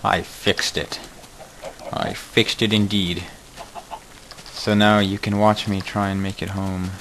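A man with a lowish voice gives running commentary on his game, jokey and quick to exclaim at setbacks. Faint computer hum and typing sit under his desk-mic voice. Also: little pitch movement, a bit bright, rough recording. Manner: jokey, exclaims at mishaps, mutters asides. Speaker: gaming video host. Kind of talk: casual let's-play commentary.

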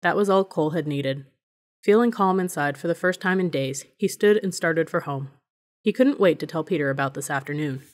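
A woman reads a novel aloud as an audiobook narrator. Her delivery is measured and even, and her voice sits a little low for a woman.

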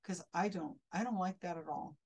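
A woman's voice: lowish voice, normal speed, darkish tone, husky, low-quality recording. A woman commenting critically on a video clip as a skeptic, sounding indignant and often restarting her sentences.

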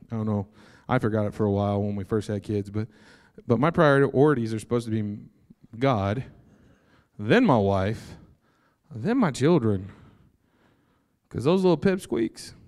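Excitable young preacher in a reverberant hall. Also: male voice, medium pitch. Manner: animated, joking and excitable. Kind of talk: sermon.

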